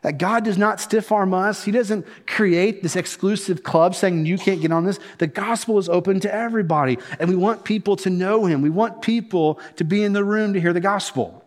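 A man's voice: high-pitched, normal speed, hardly any pauses. A middle-aged man preaching a sermon as senior pastor, earnest and repeating key phrases for emphasis. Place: church sanctuary.

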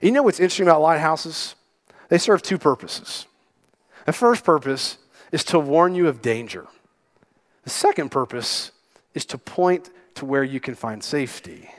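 A man preaching a sermon as pastor, emphatic and sometimes dropping to a hush. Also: fairly high pitch, animated, moderate pace. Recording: long hall reverb.

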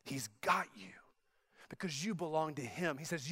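A man pastor preaching a sermon, emphatic and slowing down to stress quoted verses. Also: on the high side, lively intonation, sharp tone, husky.

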